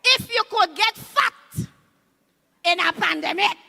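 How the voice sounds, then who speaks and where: A woman in her fifties with a Trinidadian accent, doing loud, animated stand-up comedy on a live stage. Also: very high voice, slow, creaky. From Trinidad and Tobago. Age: 50s. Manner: loud, animated, shouting punchlines.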